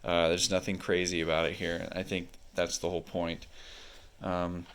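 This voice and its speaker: A man's voice: low-pitched, level tone, moderate pace, a bit bright, slight background noise. A man casually reviewing a book as he leafs through its pages, explaining unhurriedly with frequent fillers.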